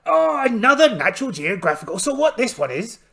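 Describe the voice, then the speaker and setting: Man putting on a creaky, theatrical pirate captain. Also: very high voice, very animated, fairly quick, a bit bright, heavily acted. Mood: hearty. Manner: theatrical, exclaiming "Oh!" often. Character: polite one-eyed male pirate captain, boastful and cheery. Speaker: solo tabletop game player. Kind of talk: in-character solo game narration.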